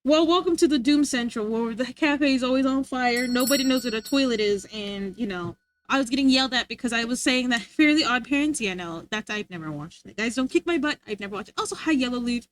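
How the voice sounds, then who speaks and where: A woman's voice: fairly high pitch, a little fast. A young adult woman livestreamer chatting casually, rambling and giggling as she reads chat aloud. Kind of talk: casual live-stream chat.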